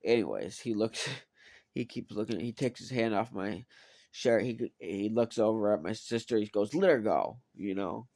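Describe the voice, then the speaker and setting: Man vlogger, gravelly and lively, cursing storyteller, dry close sound. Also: on the low side, moderate pace, no room sound. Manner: profane, animated, lots of fillers. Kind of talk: casual storytelling.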